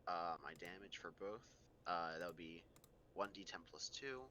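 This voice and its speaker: Laid-back low-voiced man player. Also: normal speed, sharp tone, slight background noise. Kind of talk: casual tabletop play.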